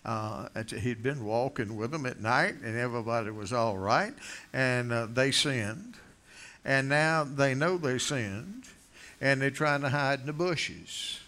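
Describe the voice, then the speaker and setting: A man's voice: medium pitch, unhurried, bright, forceful tone. An older man preaching a folksy, rambling sermon, joking with his congregation between many fillers and restarts.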